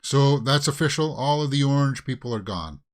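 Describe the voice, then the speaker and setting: A man doing casual watch-along commentary at a medium pitch. His voice is very lively and climbs sharply whenever he gets exasperated and fires off the same question again and again. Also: moderate pace. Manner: animated, exasperated rants with repeated questions. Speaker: reaction video host.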